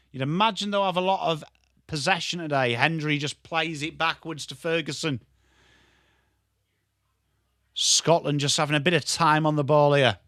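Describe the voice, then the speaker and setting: A man's voice: fairly high pitch, a bit bright, no room sound, clean studio sound. A man with an English accent giving live, chatty and jokey football watchalong commentary, greeting viewers by name. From England. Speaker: watchalong streamer.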